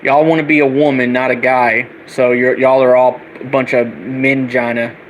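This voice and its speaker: A man's voice: medium pitch, level tone, normal speed, slight background noise, poor audio. A young man ranting angrily and profanely, repeating himself as he goes. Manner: heated, profane, repetitive ranting. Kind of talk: angry political rant vlog.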